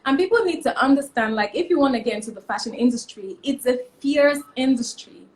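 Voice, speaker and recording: Emphatic young woman, high voice. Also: a little fast, a little hiss or hum. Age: young adult. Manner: emphatic, repeats key points, animated. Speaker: interview guest, fashion stylist. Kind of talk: casual interview, motivational advice.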